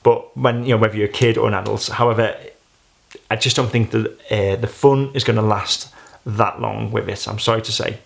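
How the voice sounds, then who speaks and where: Gravelly-voiced man rambling through a review. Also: on the low side, steady tone, a little fast. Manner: rambling, chatty, many "you know"s. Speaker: gadget reviewer. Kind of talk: casual unboxing review.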